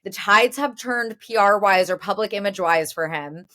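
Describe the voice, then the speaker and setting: A woman's voice: medium pitch, normal speed, pushed and bright. A woman co-hosting a podcast in casual, upbeat chat. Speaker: podcast co-host.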